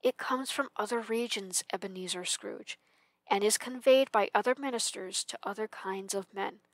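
A woman's voice: mid-range voice, normal speed, no room sound, lightly acted. Woman reading as Marley's mournful chained ghost. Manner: mournful, declaiming with swells of loudness. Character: tormented chained ghost of an old businessman. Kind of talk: storybook reading.

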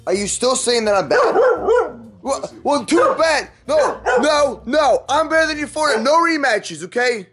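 Young male gaming host, very high and animated, loud and playful with his dog. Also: unhurried. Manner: loud, playful, yelling and teasing at his puppy. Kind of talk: excitable gameplay commentary.

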